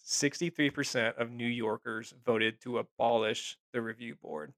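Male podcast co-host, gravelly, sarcastic and profane, close and dry. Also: mid-range voice, steady tone, normal speed, fairly bright tone, dry recording. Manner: profane, sarcastic, laughs often. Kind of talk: casual chat.

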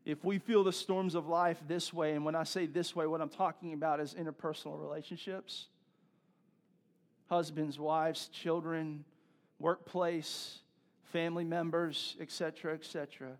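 A man's voice: on the high side, little pitch movement, moderate pace. A male pastor preaching a sermon in a conversational way, repeating himself and building to emphatic peaks.

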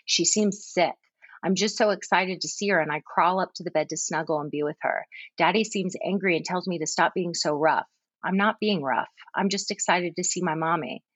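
A woman reading aloud as a confused, jealous three-year-old older sibling, in a plain, gentle storytelling voice. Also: fairly low pitch, moderate pace, breathy edge, no room sound, highs cut off.

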